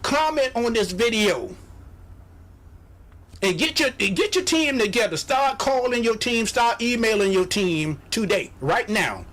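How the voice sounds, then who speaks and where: A man's voice: extremely high pitch, lively intonation, a little slow, a bit bright. A man hosting a radio show, giving a motivational sales pep talk, exhorting his listeners, repeating phrases and mimicking doubters.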